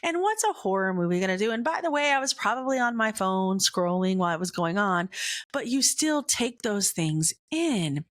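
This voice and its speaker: A woman hosting a faith podcast, telling a personal story in a chatty, animated way, full of "right?" and "like", going hushed at the scary parts. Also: medium pitch, moderate pace. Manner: chatty, animated, filler-heavy with frequent "right?" and "like"; drops to a hushed voice when retelling scary moments. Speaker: podcast host. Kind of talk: casual faith storytelling monologue.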